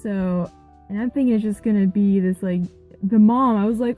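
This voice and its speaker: A young woman vlogger telling a rambling, animated story about a yard sale, with quoted back-and-forth. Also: mid-range voice, moderate pace, faint music behind, low-quality recording. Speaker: gaming vlogger. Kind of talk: casual storytelling vlog.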